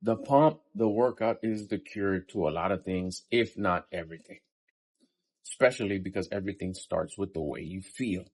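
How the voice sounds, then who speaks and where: A man's voice: low voice, moderate pace, darkish tone, slightly rough. A man in his fifties giving a casual, profane motivational talk between workout sets in a day-in-my-life vlog. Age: 50s. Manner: blunt, profane and pep-talking. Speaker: vlogger.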